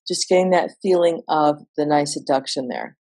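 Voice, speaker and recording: A woman vocal coach explaining singing exercises in a relaxed, instructional way. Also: deep voice, normal speed. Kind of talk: instructional voice lesson.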